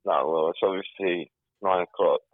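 A man's voice: deep voice, steady tone, normal speed, dry recording, phone-quality sound. A man, a podcast guest on the phone, tired and coughing, giving laid-back, teasing replies. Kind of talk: casual chat.

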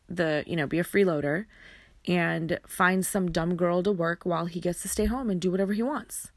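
Gravelly low-voiced woman telling her story. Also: no room sound. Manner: halting, repeats words, many fillers. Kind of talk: personal storytelling.

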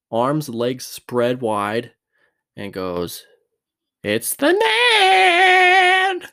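Rambling, joking man in his bedroom. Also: deep voice. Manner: rambling, profane, self-mocking jokes. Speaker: vlogger. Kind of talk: casual rambling monologue.

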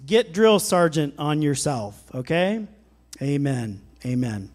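A middle-aged male pastor preaching with fervor, his voice sitting a little higher than most men's. He swells louder on scripture and urgent calls to faith, then drops back to easy, conversational asides. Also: expressive, takes it slowly. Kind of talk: sermon.

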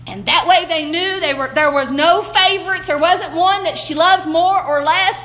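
Bright, high older Southern woman teaching. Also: moderate pace. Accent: Southern American. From Southern United States. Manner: homespun, asks the listeners many rhetorical questions. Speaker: Bible teacher. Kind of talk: folksy morning Bible lesson.

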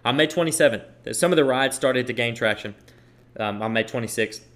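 A man's voice: mid-range voice, fairly quick, fairly bright tone. Emphatic man giving political commentary. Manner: emphatic, repeats phrases for stress. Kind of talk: opinion monologue reading tweets aloud.

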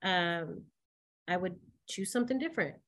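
A woman co-hosting a podcast, telling a personal story in candid, animated chat full of "like" fillers and quick laughs. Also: on the low side. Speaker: podcast co-host.

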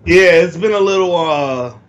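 A man's voice: high voice, moderate pace. A man co-hosting a casual podcast, easygoing and rambling as he tells stories. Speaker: podcast co-host.

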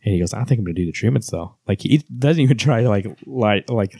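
Low-voiced man retelling a comic book. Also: animated, fast, mellow, breathy edge, no room sound, studio quality. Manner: retells scenes and reads passages aloud, many fillers. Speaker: podcast co-host. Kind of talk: casual book club chat.

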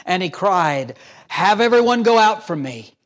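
A pastor in full sermon, a man whose voice sits high and climbs higher when he presses his point. He reads scripture aloud and slips into quick imagined voices to make it land. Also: lively intonation. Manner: emphatic preaching, acts out imagined voices.

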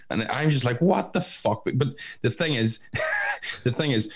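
A man talks casually, blunt and jokey with constant swearing. His voice sits very low. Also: expressive, moderate pace. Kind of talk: casual chat.

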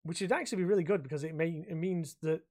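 Give me a rambling, sweary podcast co-host. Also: male voice, a little high, fast, a little mellow. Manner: sweary, rambling, laughs often. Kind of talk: casual chat.

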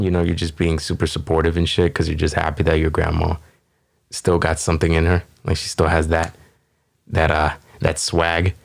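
A man with a very low voice hosts a comedy podcast. He riffs casually and rambles, swearing often and padding his thoughts with ums and you-knows. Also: monotone, moderate pace, vocal fry. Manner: rambling, profane, with many fillers. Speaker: podcast host.

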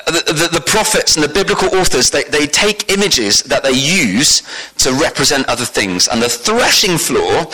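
Guy preaching a sermon, bright forceful voice, gets loud and high when he makes a point, keeps asking the room questions. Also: low-quality recording. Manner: animated, rises in pitch and volume for emphasis, asks the congregation questions.

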